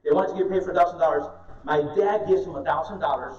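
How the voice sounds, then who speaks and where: High-voiced man telling stories in an echoey room. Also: fast talker. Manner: animated storyteller, joking with the audience. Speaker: speaker at an investor meetup. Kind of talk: live presentation with stories. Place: meeting room with an audience. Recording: echoey room, distant dull mic.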